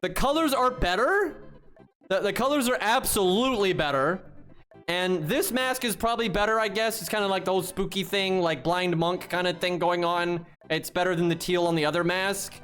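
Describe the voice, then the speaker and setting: A man's voice: high-pitched, normal speed, a bit bright, soft background music. A man streaming live, giving blunt, exasperated and profane commentary while talking to his chat. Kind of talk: casual livestream commentary.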